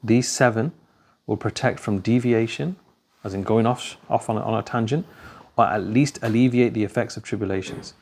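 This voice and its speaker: At a moderate pace and in a low, darkish voice, a man delivers a religious talk full of stories. His style is conversational and anecdotal, and he acts out the characters' lines.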